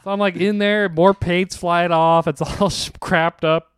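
A young man tells a story on his podcast in a lively, animated way, often laughing and playing out the dialogue. His voice is smooth and clear, a little higher than most. The sound is dry and close. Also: unhurried, no echo. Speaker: podcast host. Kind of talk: casual storytelling chat.

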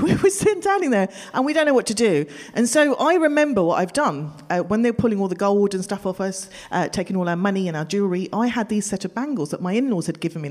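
Woman, live storytelling, animated, laughing, exasperated outbursts, acts out family voices. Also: lowish voice. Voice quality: expressive, swings into loud exasperated outbursts. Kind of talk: live personal storytelling to an audience.

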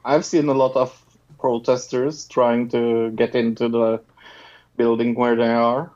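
A man co-hosting a podcast in casual chat, unhurried and laughing along with short agreeing replies. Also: medium pitch, level tone, darkish tone, highs cut off. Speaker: podcast co-host.

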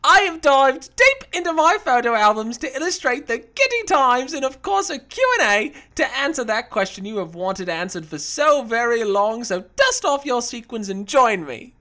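A man's voice: very high voice, big pitch swings, normal speed, hardly any pauses, pushed and bright, voice pushed up, exaggerated voice. A man on a podcast doing a comic impression of a gushing, flamboyant older woman performer with a put-on Cockney-style accent. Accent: put-on Cockney-style English.

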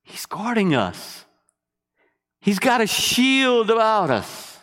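A man preaching a sermon, animated, asking the congregation questions and waiting for answers. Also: sits high, slow pace, in a large hall.

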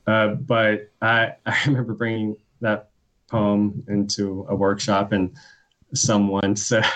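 A man's voice: lowish voice, steady tone, moderate pace, fairly bright tone. A young man, a poet being interviewed, talking casually with many fillers and restarts. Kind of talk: casual conversation.

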